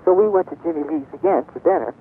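An older woman, a guest on a radio show, telling a rambling story with many pauses and fillers. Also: sits low, gravelly, breathy edge. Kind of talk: reminiscing on a call-in radio show. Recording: tinny phone-line sound.

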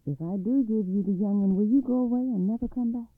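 A man doing a shrewd, calm country mother. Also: high voice, quick pace, no echo, voice pushed up. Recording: dry, tinny phone-like sound.

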